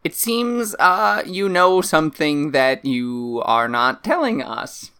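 Tabletop role-play: calm monkey-creature diplomat , played by a player, slow, measured, lots of fillers. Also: mid-range voice, smooth.

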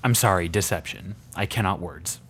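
A man's voice: low-pitched, normal speed, fairly bright tone, breathy edge. A man in a tabletop role-playing game, speaking in a dry, matter-of-fact way about the rules. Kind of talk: casual tabletop game chat.

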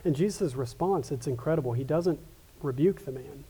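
A man's voice: a little high, normal speed, dark tone, husky. A man preaching a sermon as a pastor, earnest, often restarting and repeating words. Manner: earnest, with frequent restarts and repetitions.

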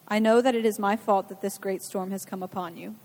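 A woman reading a scripture passage aloud in a steady, measured way during a church service. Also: mid-range voice. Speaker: scripture reader. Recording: long hall reverb.

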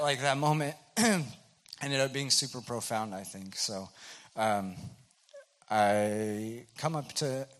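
A young man with a lowish voice telling a personal faith story. He talks loosely and conversationally, rambling and filling his sentences with "like" and "um.". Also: a bit bright. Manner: rambling, full of "like" fillers. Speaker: speaker sharing a testimony. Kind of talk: casual spoken testimony.

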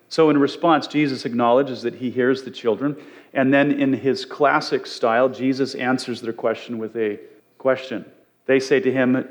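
A man gives a Bible lesson in an easygoing, conversational manner. He often pauses and restarts his sentences as he explains a point. His voice sits at an ordinary, middle pitch for a man. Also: fairly even intonation. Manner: conversational, with frequent fillers and restarts. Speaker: pastor. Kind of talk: Bible teaching.

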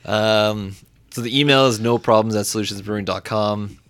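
A man's voice: lowish voice, normal speed, fairly bright tone, dry recording. A man co-hosting a casual podcast, explaining brewing in an easygoing way. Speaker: podcast co-host, brewer. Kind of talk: casual chat.

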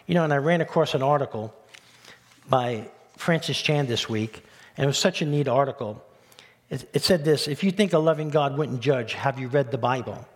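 A man preaching a sermon as pastor, animated, with rhetorical questions and rising emphasis. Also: mid-range voice, fairly quick. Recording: long reverb of a church hall.

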